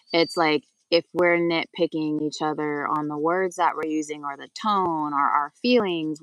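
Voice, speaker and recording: A woman's voice: low voice, fairly bright tone, distant mic, poor audio. A woman co-hosting a casual spiritual conversation, talking in a loose, chatty way full of "like" and the odd swear word. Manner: chatty, lots of "like", swears for emphasis. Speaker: co-host.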